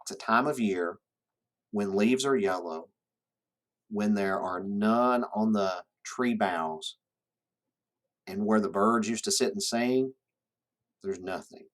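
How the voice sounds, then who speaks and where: Lower-voiced man lecturing a class. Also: slow, pauses often. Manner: explanatory, checks in with "right?". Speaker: teacher. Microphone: camera in classroom.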